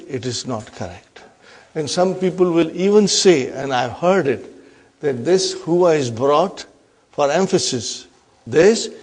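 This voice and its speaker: A man teaching an Arabic grammar lesson, explaining step by step, repeating key terms and often asking the class if they follow. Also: on the high side. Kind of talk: classroom lecture.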